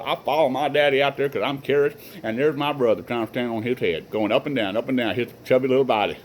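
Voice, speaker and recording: Folksy middle-aged man, rambling family anecdotes, faint noise behind, mid pitch. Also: poor audio. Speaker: vlogger telling family stories. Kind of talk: casual personal storytelling.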